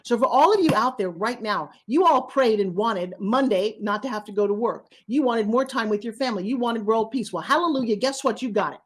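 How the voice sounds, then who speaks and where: A woman with a slightly high voice delivers a motivational talk with animated energy. She speaks straight to her listeners with urgency and slips into quick acted-out exchanges to drive her points home. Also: breathy edge. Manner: animated, acts out little dialogues; direct, urgent address to listeners.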